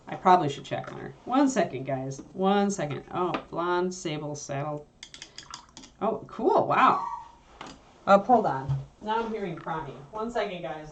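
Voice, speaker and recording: A woman's voice: low voice, expressive, normal speed, muffled recording, slight background noise. A woman hosting a casual livestream, chatty and easygoing, who breaks off now and then to talk to her dog. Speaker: livestream host.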